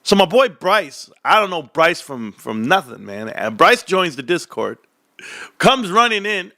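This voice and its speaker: A stock market vlogger in his forties rants casually to viewers, rambling, joking, and drifting into tangents. His high voice is very animated and sharp-toned at a measured pace, in a dry, clean studio recording.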